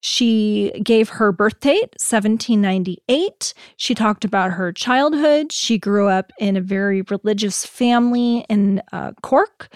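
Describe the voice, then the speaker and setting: A woman's voice: mid-range voice, expressive, a little slow, hardly any pauses, no room sound. Podcast host, woman, easygoing storyteller, dry close-mic sound. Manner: storytelling, laid-back with fillers. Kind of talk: casual podcast chat.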